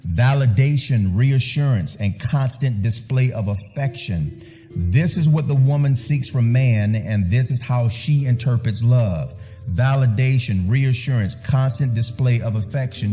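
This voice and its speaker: A male pastor delivering a sermon with emphasis, driving points home by repeating words. His voice has a mellow, warm tone. Soft music plays faintly behind him. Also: mid-range voice, unhurried. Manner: emphatic, repeats phrases for stress.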